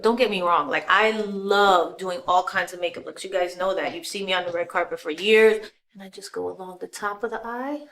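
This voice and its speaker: A middle-aged woman talks through her makeup routine in a relaxed, conversational way. Her voice sits at a medium pitch, and she narrates each step plainly, sometimes sinking into a soft murmur while she blends. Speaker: celebrity giving a makeup tutorial. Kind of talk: casual makeup tutorial talk.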